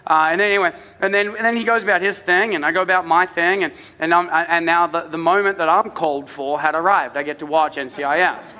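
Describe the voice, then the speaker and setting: A man's voice: a little high, steady tone, quick pace, hardly any pauses, pushed and bright, big-room sound. A man with an accent, a pastor telling a self-mocking, chatty story in a humorous sermon in a church. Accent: non-native English accent.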